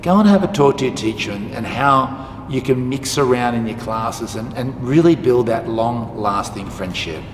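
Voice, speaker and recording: The teacher's voice is medium-pitched and his pace is normal. He brings a story to life for his school students, animatedly voicing the quoted lines, inside an echoey hall where faint music plays.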